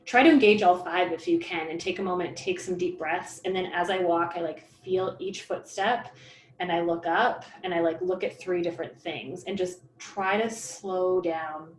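A woman's voice: lowish voice, moderate pace, a little hiss or hum. A woman talking in a casual, rambling chat, full of fillers and restarts. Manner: rambling, filler-heavy, animated. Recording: roomy echo.

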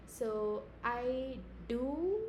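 A young woman from India with a squeaky voice, rambling and giggling through an improvised podcast from home late at night. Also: lively intonation, very slow, a little mellow, slight background noise. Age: young adult. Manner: giggly, rambling, self-mocking. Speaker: podcast host. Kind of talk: casual improvised podcast chat.

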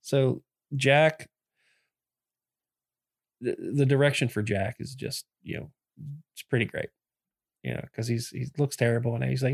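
A man co-hosting a casual film podcast, relaxed, paraphrasing scenes in acted voices. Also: medium pitch, measured pace, gravelly, long pauses, no echo, studio quality. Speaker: podcast co-host.

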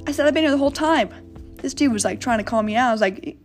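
A woman's voice: fairly high pitch, rapid-fire, faint music behind. A young woman hosting a podcast, telling a travel story in a rambling, casual way with plenty of swearing. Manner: rambling, profane, animated retelling. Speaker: podcast host.

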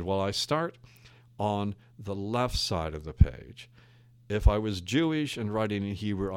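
Older male ex-teacher, very low voice, dry close sound, reflective and wry. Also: a little mellow, dry recording. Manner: thoughtful, wry, digressive storyteller. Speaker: retired English teacher. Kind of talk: reflective conversation.

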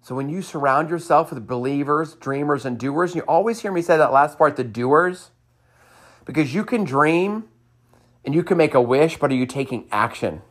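A man's voice: on the high side, lively intonation, normal speed. A man hosting a motivational podcast, cheering listeners on with repeated upbeat lines and a personal story. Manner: enthusiastic, sing-song cheerleading repetition.

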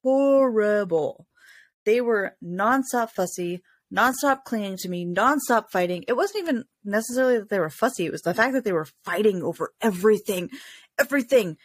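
A woman's voice: medium pitch, animated, brisk, no room sound. A young woman co-hosting a casual parenting chat, venting and laughing often. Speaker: podcast co-host.

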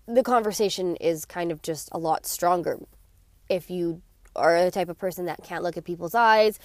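A woman's voice: medium pitch, darkish tone, dry recording, studio quality. A young woman talking casually about confidence, chatty, laughing often and acting out little scenes in quoted voices. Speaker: vlogger giving confidence advice. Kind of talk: casual talk to camera.

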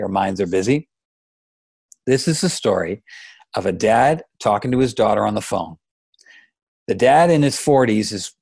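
A man reading a short story aloud, pausing for relaxed, conversational asides. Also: on the low side, creaky, husky, no echo. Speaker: story reader and podcaster.

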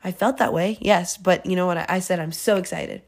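A woman's voice: fairly low pitch, fairly even intonation, a little fast. A young woman hosting a devotional podcast, talking in an earnest, chatty way with many fillers and restarts. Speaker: faith podcast host. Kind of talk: casual devotional talk.

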